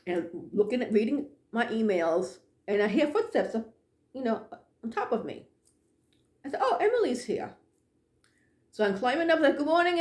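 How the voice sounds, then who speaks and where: A woman telling a personal ghost story in an animated way, dropping to hushed tones at the tense moments. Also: medium pitch, reverberant.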